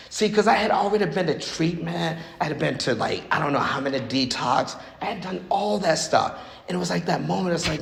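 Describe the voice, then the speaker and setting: Gravelly man in his sixties, echoey hall. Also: fairly high pitch, animated. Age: 60s. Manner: halting, repetitive, frank storytelling. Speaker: recovery meeting speaker. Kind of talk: personal recovery testimony. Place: meeting hall. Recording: echoey hall with faint noise.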